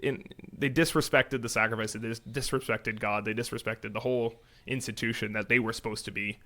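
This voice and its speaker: A man co-hosting a church podcast, retelling a Bible story in casual, animated chat. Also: medium pitch, fairly quick. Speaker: podcast co-host.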